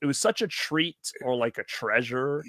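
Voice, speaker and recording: A man in his thirties hosting a casual podcast chat, telling stories with lively acted-out quotes. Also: medium pitch, moderate pace, dry recording, studio quality. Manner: animated storytelling, acts out quotes. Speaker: podcast host.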